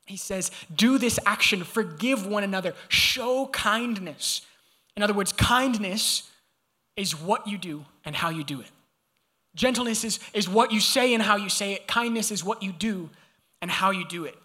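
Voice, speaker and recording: Young male preacher, high and bright tone, lively storyteller who speaks straight to the room. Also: moderate pace. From Georgia, US. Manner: animated, conversational, addresses audience directly. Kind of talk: sermon with personal storytelling.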